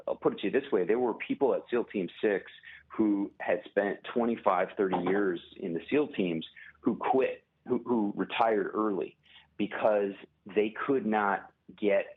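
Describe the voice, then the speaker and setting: Husky low-voiced man on a phone line. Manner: measured, many pauses and restarts. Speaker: author and journalist guest. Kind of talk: phone interview.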